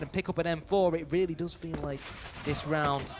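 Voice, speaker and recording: Man, esports play-by-play caster, fairly high voice, faint background noise. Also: normal speed. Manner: energetic, builds to shouting on big plays. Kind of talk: live esports commentary.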